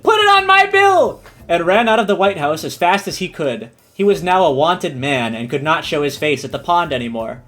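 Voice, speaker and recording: A man streamer reading a silly story aloud and chatting with his viewers, animated and giggly. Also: fairly high pitch. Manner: animated, giggly, breaks into laughs.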